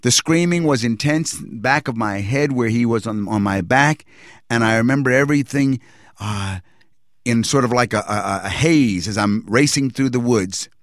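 Guy telling his faith testimony, earnest and reflective, mid pitch, dry close sound. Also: no room sound. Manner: earnest, reflective retelling with pauses and restarts. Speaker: person giving a religious testimony. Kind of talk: personal testimony storytelling.

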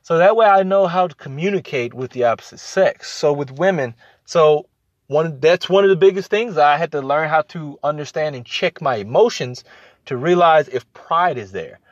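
A man with a slightly high voice talks through relationship advice in a loose, conversational way. He repeats phrases for emphasis and slips into quick acted-out exchanges. The recording is dry and slightly muffled. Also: animated, dry recording. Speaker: podcast host. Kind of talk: casual advice talk.

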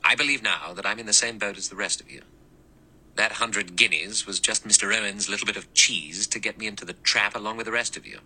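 Grim, cynical adventurer in a storybook, deep and dry, read by a man. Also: brisk, sharp tone, rough recording.

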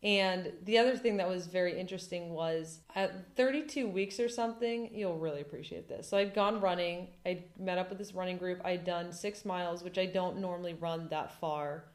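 A woman in her thirties telling a dramatic personal story in casual chat, animated and full of fillers. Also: fairly low pitch, moderate pace, few pauses. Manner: animated, dramatic retelling with lots of "like". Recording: echoey room.

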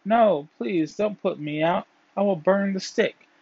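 A man voicing frightened creatures and things, raising his voice high as they beg for mercy. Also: measured pace, vocal fry, a little mellow, slightly rough, no room sound, exaggerated voice. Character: frightened pleading stick, dog, lamb and grass. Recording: dull, dry, lo-fi.

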